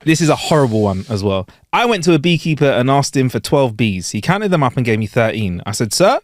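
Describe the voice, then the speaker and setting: A man co-hosting a casual podcast, reading out groan-worthy jokes with playful deadpan timing. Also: mid-range voice, a little fast, no room sound, studio quality. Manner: playful, deadpan joke delivery. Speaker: podcast co-host. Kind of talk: casual chat, telling jokes.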